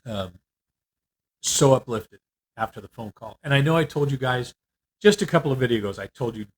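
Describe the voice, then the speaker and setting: An older man giving a casual, candid video update on his treatment. He rambles a little, fills pauses often, and sounds worn out. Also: medium pitch, animated. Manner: candid, rambling, with frequent fillers. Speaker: vlogger. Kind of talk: casual personal health update.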